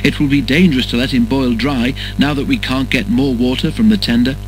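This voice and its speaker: A man voicing a brisk male engine driver who speaks firmly and urgently in a raised voice, in a storybook reading. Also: medium pitch, fairly even intonation, soft background music, lightly acted.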